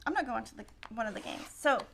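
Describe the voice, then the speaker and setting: A woman's voice: on the high side, huge pitch swings, fast, creaky, a bit bright, slight background noise. A middle-aged woman hosting a quilting livestream, chatting and telling stories while she cuts fabric and thinks aloud through the math. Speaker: quilting show host. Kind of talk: casual chat while cutting fabric.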